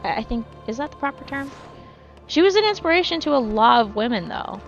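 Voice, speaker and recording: Woman streamer with a highish voice, loose, rambly chat full of swearing, faint music under her. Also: sing-song, fairly quick, lo-fi sound. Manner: rambling, swears freely, self-correcting. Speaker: game streamer. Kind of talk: casual live-stream chat while gaming.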